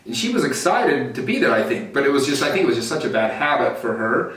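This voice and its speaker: A man's voice: medium pitch, sing-song, quick pace, fairly bright tone, recorded from a distance. A man hosting a podcast speaks in a candid, chatty way, with many fillers. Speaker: podcast host. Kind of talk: casual chat. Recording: echoey room, voice away from the mic.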